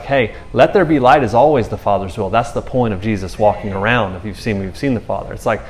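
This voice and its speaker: A man preaching in a loose, conversational podcast style, telling scripture stories in an animated way with slang and frequent restarts. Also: medium pitch, slight background noise.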